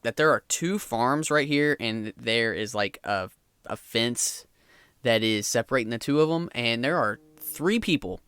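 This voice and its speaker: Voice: mid-range voice, lively intonation, a little slow, a bit bright, smooth, no echo, studio quality. A game master narrating a tabletop game scene, describing it with many hesitations.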